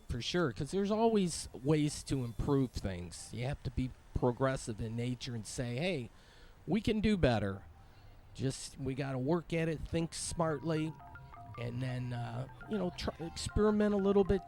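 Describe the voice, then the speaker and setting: A man's voice: mid-range voice, a little mellow. A man vlogging his walk through a night-time city holiday event outdoors, chatting in a rambling, upbeat way about the local sights, with live music playing around him. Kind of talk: casual walk-around commentary.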